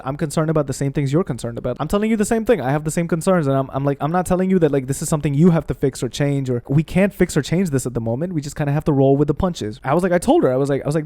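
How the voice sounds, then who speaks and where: A man hosting a gaming channel, telling a personal story in a heated, profane, animated way. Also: a little high, dry recording. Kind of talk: candid storytelling rant.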